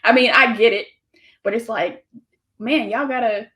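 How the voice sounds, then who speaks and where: A woman's voice: fairly high pitch, moderate pace, fairly bright tone. A woman hosting an interview, chatting casually and filling her sentences with "like.". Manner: conversational, lots of "like" and laughter. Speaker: interviewer host.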